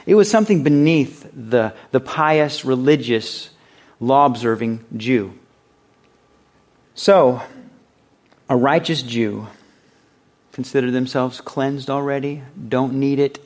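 A man's voice: medium pitch, takes it slowly, pauses often, a little mellow. A man preaching a sermon as a pastor, talking conversationally and reading scripture aloud. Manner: conversational, acts out quoted voices.

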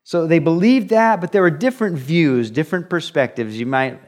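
A man's voice: on the high side, normal speed, darkish tone. Man teaching a conversational sermon. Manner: conversational teaching, rhetorical questions, acted quotes. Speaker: pastor. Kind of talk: expository sermon.

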